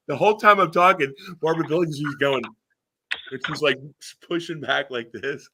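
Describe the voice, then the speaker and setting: A man's voice: on the high side, moderate pace, noisy background. A man hosting a talk radio show, telling rambling anecdotes full of fillers and restarts. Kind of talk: casual chat, anecdotes.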